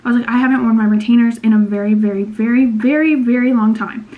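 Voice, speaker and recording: A woman's voice: a little high, fast, phone-quality sound. Rambling chatty young woman vlogger. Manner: rambling, indecisive, filler-heavy. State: out of breath. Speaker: beauty vlogger. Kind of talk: casual chatty vlog to camera. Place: at home, indoors. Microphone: camera mic, later phone on a tripod.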